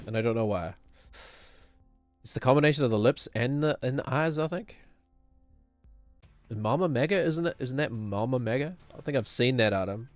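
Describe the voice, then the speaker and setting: A man streaming a game, rambling casually and chuckling at his own jokes. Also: mid-range voice. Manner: rambling, chuckling, self-mocking. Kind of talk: casual gaming commentary.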